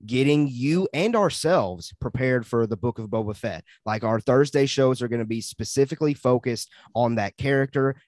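A man's voice: medium pitch, darkish tone, dry recording. Guy hosting a podcast, chatty and upbeat, dry close mic sound. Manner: upbeat, laughs often, quick transitions. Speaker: podcast host. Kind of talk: casual podcast chat.

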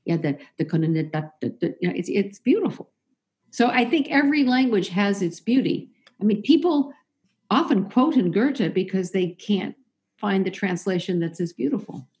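A woman's voice: mid-range voice, expressive, normal speed, a little mellow. A woman talking casually as an interview guest, chatty and opinionated, often restarting and correcting herself. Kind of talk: casual conversation.

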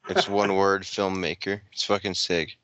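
Rambling low-voiced young man. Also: moderate pace, pushed and bright, dry recording, muffled recording. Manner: rambling, heavy filler words, laughs often. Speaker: podcast co-host. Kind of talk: casual chat.

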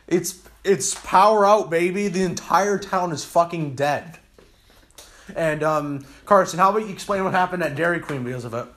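A man's voice: a little high, normal speed, a bit bright. A young man hosting a casual chat, rambling with lots of fillers and restarts. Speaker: podcast host. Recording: roomy, distant mic with background noise.

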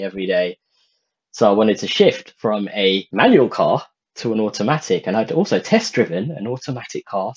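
A man casually telling a personal story, animated and swearing when he gets worked up. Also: mid-range voice, slightly rough. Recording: dull lo-fi sound.

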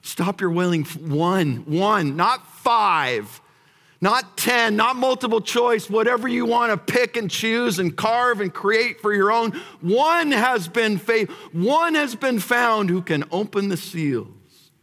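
Male pastor, sermon delivery, slow and measured, lots of repetition, big reverberant hall. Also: sits high, lively intonation. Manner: swings from hushed prayer to shouting emphasis; repeats phrases as he builds.

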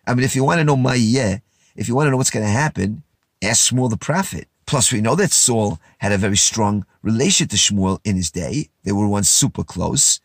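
A man teaching a verse-by-verse Bible lesson, reading lines and retelling them in casual, lively words. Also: lowish voice, a little fast, husky, no echo, studio quality. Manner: animated, paraphrases verses in casual speech.

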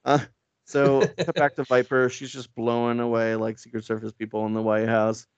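A man's voice: mid-range voice, level tone, moderate pace, smooth, dry recording, highs cut off. A man casually recapping a comic book in a rambling, profane, laid-back way, with frequent fillers. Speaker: comic book podcast co-host.

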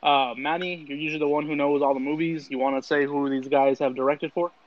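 A man's voice: on the high side, steady tone, fast talker, muffled recording. A man co-hosting a podcast in casual chat, laid-back and loose as he runs through the episode. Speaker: podcast co-host.

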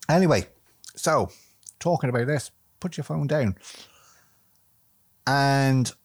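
A man's voice: medium pitch, darkish tone, no echo. Rambling man, dry close sound. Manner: rambling and chatty, swears casually, self-mocking asides. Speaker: podcast host. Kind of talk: rambling solo podcast monologue.

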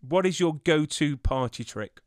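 A middle-aged man with a smooth, resonant voice hosts an interview in a casual, friendly way. He trades anecdotes between questions. The sound is dry and close, with little room tone. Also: fairly high pitch, animated, normal speed, dry recording.

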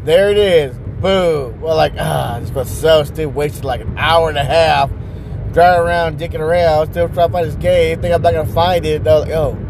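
A man's voice: on the high side, normal speed, background noise. A man in his thirties telling a long, rambling, profane story to his viewers, laughing now and then. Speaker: vlogger.

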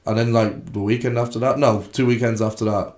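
A man's voice: medium pitch, steady tone, a little mellow. A young Irish man in his twenties co-hosting a podcast, swearing and rambling through casual banter. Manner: rambling, profane, quick banter. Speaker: podcast co-host. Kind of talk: casual chat. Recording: roomy echo.

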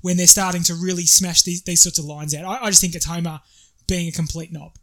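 A man's voice: sits high, fairly even intonation, fast talker, a bit bright, a little hiss or hum. A man co-hosting a podcast in casual chat, agreeing easily and stammering small restarts. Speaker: podcast co-host.

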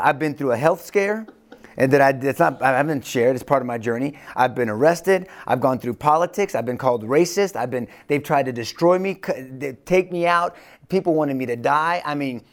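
A man's voice: expressive, moderate pace. Fervent man giving faith testimony. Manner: fervent, swings between loud bursts and hushed low tones. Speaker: guest.

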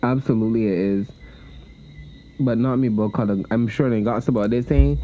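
A woman co-hosting a casual chat, agreeable and quick to laugh. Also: rumbling low, highs cut off, a little hiss or hum. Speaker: podcast co-host.

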